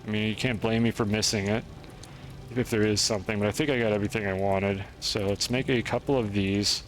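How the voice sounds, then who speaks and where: Self-mocking streamer, lowish male voice. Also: fairly even intonation, fairly quick, slight background noise. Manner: rambling, self-deprecating. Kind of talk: gameplay commentary.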